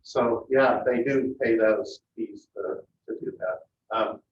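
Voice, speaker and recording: A man's voice: fairly low pitch, fairly even intonation, slow pace, slight background noise. Plainspoken man at a meeting, echoey. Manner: plainspoken, hesitant with frequent ums. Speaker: airport manager. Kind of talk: meeting discussion. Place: council meeting room. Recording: echoey, distant, muffled meeting audio.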